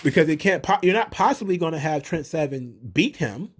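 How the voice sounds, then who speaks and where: A man's voice: on the high side, expressive, fairly quick, slight background noise. A man giving a casual, sarcastic recap of a wrestling show, swearing often and speaking bluntly. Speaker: wrestling commentary host.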